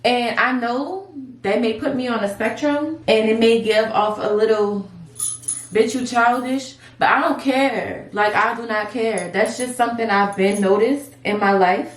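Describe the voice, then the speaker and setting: A woman's voice: on the high side, moderate pace, few pauses. Chatty young woman, cussing, echoey room. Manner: candid, profane, animated girl-talk. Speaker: beauty vlogger. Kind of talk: casual chatty vlog. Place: room at home while styling hair. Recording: echoey room with faint noise.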